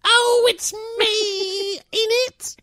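A man putting on a shrill, exaggerated Cockney voice as a rowdy, silly young man, squeaky and shouting. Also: level tone, drawn-out words, no echo, full character voice. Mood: manic, mocking. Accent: mock Cockney. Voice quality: squeaky falsetto, shouting and cackling.

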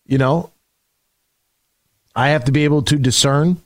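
A man's voice: on the high side, measured pace, no room sound, clean studio sound. A man hosting a sports radio show in a casual, emphatic style, often restarting his sentences. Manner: conversational, emphatic, frequent restarts.

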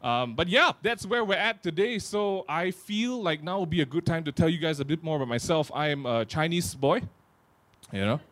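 Young Malaysian comic, casual stand-up delivery, chatty and self-deprecating, a touch higher-pitched than most men. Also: male voice, animated, moderate pace, a bit bright. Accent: Malaysian English. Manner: chatty, self-mocking, playful impressions. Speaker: stand-up comedian. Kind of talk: stand-up comedy set. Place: office meeting hall.

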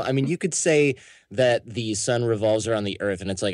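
Candid American man, low voice. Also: fairly quick, darkish tone, no echo, clean studio sound. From United States. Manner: candid, opinionated, acts out quotes. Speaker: podcast founder, guest. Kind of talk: casual interview answers.

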